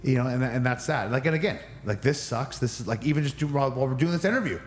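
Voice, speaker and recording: A man's voice: mid-range voice, lively intonation, quick pace, a little hiss or hum. A man in his forties from Northern California, a wrestler telling stories as a podcast guest, rambling with many restarts, nursing an injured knee. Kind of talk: casual podcast interview.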